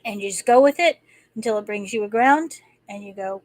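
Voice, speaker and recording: A livestream host rambles in casual talk packed with restarts and fillers. Her mid-range voice moves fairly quickly, and the audio is dry and poor.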